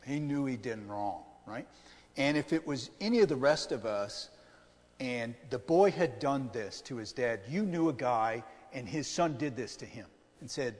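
A middle-aged man preaching from the pulpit in a relaxed, talkative way, pausing to quiz his congregation. His voice sits at a medium pitch and rings out with the long reverb of a church hall. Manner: conversational preaching with questions to the congregation. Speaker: pastor. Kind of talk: sermon.

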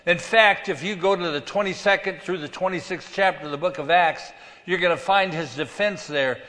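A man preaching a sermon as pastor, swinging between loud emphasis and quiet asides. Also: sits high, moderate pace, in a large hall.

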